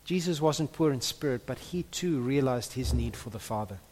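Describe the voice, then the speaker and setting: Earnest preacher in an echoey hall. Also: male voice, medium pitch, lively intonation, normal speed, slight background noise. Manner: earnest, builds to loud impassioned peaks, repeats words. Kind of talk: sermon. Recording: echoey hall with long reverb.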